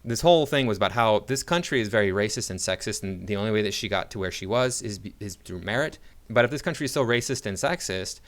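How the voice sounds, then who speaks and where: A man's voice: fairly low pitch, lively intonation, fast, few pauses. An American man commenting on a video in a sarcastic, argumentative way, with frequent restarts. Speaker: online commentator.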